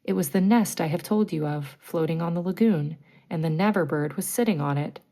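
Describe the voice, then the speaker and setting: A woman narrating a bedtime story, reading gently and clearly. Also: lowish voice, fairly quick.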